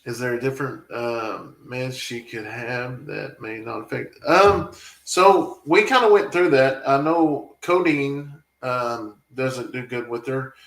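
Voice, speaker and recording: A farm vlogger in an echoey room reads viewer chat during a casual live stream, talking back to the comments. He has a mid-range voice and speaks slowly, rambling and getting emotional.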